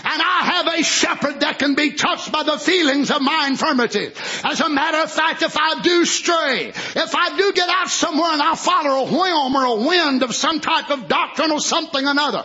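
A preacher, a man with a very high, lively voice, delivers a fervent sermon. His tone is bright and sharp, and he swings between quiet, stretched-out phrases and ringing shouts. The recording sounds dull and lo-fi. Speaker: pastor.

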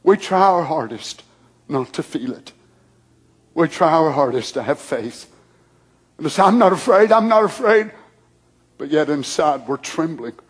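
A man preaching a sermon, praying aloud in hushed, near-whispered passages that build to loud, shouted fervor. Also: a little high, breathy edge.

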